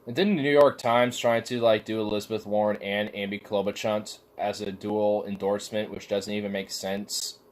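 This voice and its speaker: A man with a somewhat low voice rants casually, rambling from point to point. He swears freely and fills every pause with "like". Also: little pitch movement. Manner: profane, rambling, heavy use of filler "like". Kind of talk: casual rant.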